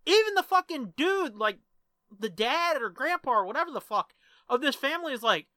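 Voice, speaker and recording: Bright-voiced man telling stories casually. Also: very high-pitched, big pitch swings, a little fast, no echo. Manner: laid-back, swearing, storytelling. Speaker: podcast co-host. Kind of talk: casual profane chat.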